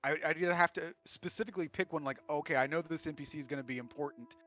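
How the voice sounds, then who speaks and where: A man's voice: fairly high pitch, sharp tone, faint music behind. A man running a tabletop game as game master, talking bluntly and casually with his players over a voice call. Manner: casual, blunt, quick bursts. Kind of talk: casual chat between game sessions.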